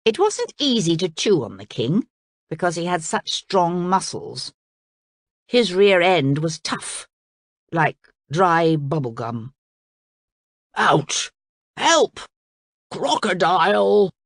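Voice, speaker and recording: A woman reads a children's storybook aloud with an expressive, animated delivery. Her voice sits a little low and she takes her time. The recording is close and dry. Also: takes it slowly, dry recording. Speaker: storybook reader.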